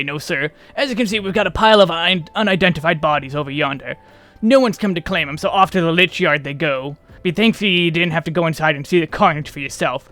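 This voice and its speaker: A man voicing a gruff, worn-out male laborer in a game, talking in a coarse, drawling rustic way. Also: fairly high pitch, fairly bright tone. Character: gruff weary male corpse hauler, folksy.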